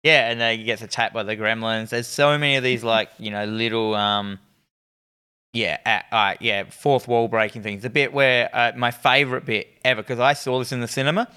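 A man co-hosting a casual film chat, enthusiastic and animated, swearing casually as he retells favourite scenes. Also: medium pitch, moderate pace, smooth. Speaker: podcast co-host.

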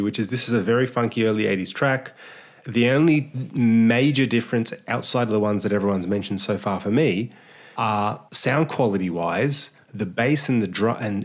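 Guy hosting a music podcast, chatty, trips over his words a bit. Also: on the low side. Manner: rambling, repeats words, quick laughs. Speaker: podcast host. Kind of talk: casual music review chat.

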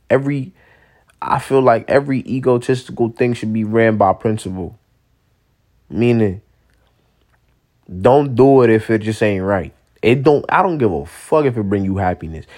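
A young man in a casual, profane monologue, rambling and blunt, swinging between loud outbursts and low mutters.

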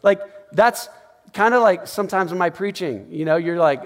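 Animated male pastor in a reverberant hall. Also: sits high, fairly quick. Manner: conversational, animated, acts out quotes with laughs. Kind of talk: sermon.

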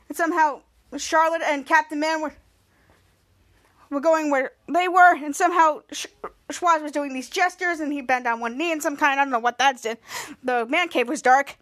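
A woman with a high, fairly bright voice and fairly even intonation speaks a little fast on her podcast. She rambles through a casual recap of a TV episode, restarting frequently and acting out quotes.

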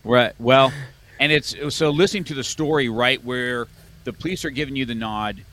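A man's voice: mid-range voice, fairly bright tone. A man interviewing a guest, mostly giving short replies and laughing along, then reflecting on the story. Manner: brief backchannels, laughs along, measured. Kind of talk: relaxed interview chat.

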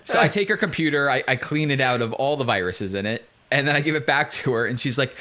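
A man's voice: mid-range voice, lively intonation, fast talker, few pauses, sharp tone. Wry man telling a story in casual chat. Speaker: podcast co-host.

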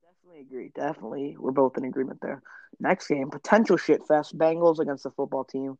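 A man's voice: on the high side, steady tone, quick pace, a little mellow, no echo, dull audio. A young man co-hosting a casual sports podcast, brash and joking, swearing freely. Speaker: podcast co-host.

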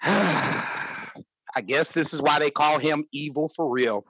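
A man's voice: a little high, slow, fairly bright tone, slightly rough, no echo, low-quality recording. Laid-back man with mock-preacher flair. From St. Louis, USA. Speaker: podcast co-host. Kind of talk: casual wrestling podcast chat.

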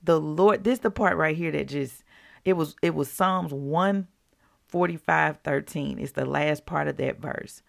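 Speaking to listeners in a low, gravelly voice, this devotional podcast host chats conversationally and reads scripture in a slow, deliberate way.

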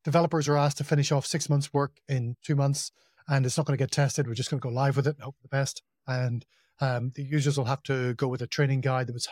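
A man talking casually as a podcast guest, telling work stories in a relaxed, self-deprecating way. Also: medium pitch, quick pace, no room sound, clean studio sound. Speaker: podcast guest, project implementation consultant. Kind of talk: casual conversational interview.

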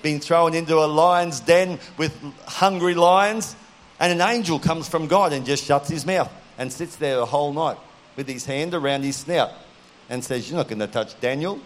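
Speaking at a moderate pace in a voice slightly high for a man, a middle-aged preacher gives an earnest, direct sermon. He weaves personal stories into it, addressing the audience straight on and putting questions to them.

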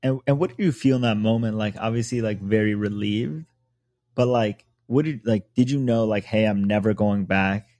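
A man's voice: fairly low pitch, normal speed, a little mellow. A man hosting a podcast interview, asking casual, rambling questions. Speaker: podcast host.

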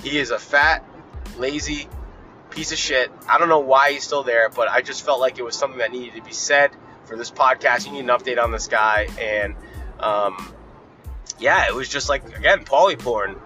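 A man's voice: mid-range voice, moderate pace, bright, forceful tone, faint music behind. A man hosting a podcast, talking casually from his car in a blunt, profane, rambling way. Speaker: podcast host. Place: in a car while driving.

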